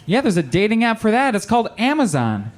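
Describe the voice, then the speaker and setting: Casting note: young male stand-up comic, high and very animated delivery, deadpan punchlines, switches into quick character voices. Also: a little hiss or hum. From Michigan. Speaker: stand-up comedian. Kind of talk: stand-up comedy set. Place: small comedy club with live audience.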